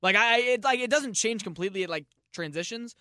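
An American man on a comedy podcast, talking in a rambling, jokey way with a bright, forceful tone and a slightly high voice. The sound is close and dry, with faint music underneath. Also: no room sound. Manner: rambling, jokey, quick to riff. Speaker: podcast co-host. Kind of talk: casual comedic chat.

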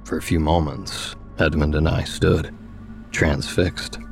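Guy with a super deep voice reading a story slow and steady, faint music behind. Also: vocal fry. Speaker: narrator. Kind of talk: scripted story narration.

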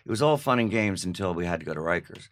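An older man telling an animated anecdote as a guest, laughing at his own story. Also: low voice, fast. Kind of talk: casual anecdote.

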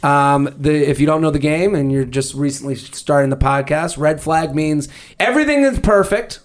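A man's voice: fairly high pitch, moderate pace. A man hosting a podcast in casual comedic chat, rambling through stories and swearing freely. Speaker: podcast host.

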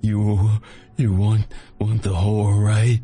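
A man's voice: lowish voice, little pitch movement, a little slow, fairly bright tone, faint music behind, voice pushed up. A man voicing a beaten male thug who stammers and begs for his life in an audiobook horror story. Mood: stammering. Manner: stammering, pleading.

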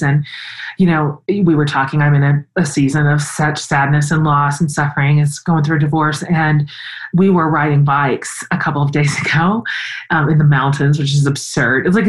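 A middle-aged woman hosting an interview, talking in an earnest, expressive way and telling personal stories with animation. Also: deep voice, poor audio. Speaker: interview host. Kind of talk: conversational interview.

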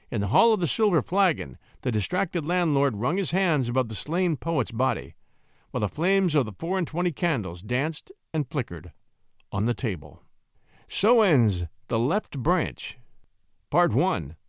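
A man narrating a classic short story and announcing its parts in a scripted, expressive storytelling manner. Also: a little high, dry recording, studio quality. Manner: expressive storytelling, slows at section breaks.

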